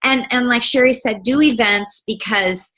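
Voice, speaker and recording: A woman hosts a team video call, rallying her listeners with an enthusiastic sales pep talk and a steady stream of "you guys". Her voice is high and bright, with a sharp, forward edge. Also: normal speed, poor audio.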